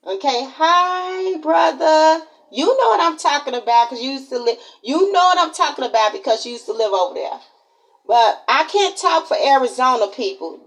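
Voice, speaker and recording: A woman's voice: fairly high pitch, rough recording. A woman in her forties from Chicago with a Chicago accent, telling stories of her school days in a chatty, repetitive way and speaking straight to her viewers. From Chicago, Illinois, USA. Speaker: vlogger. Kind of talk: casual personal storytelling to camera.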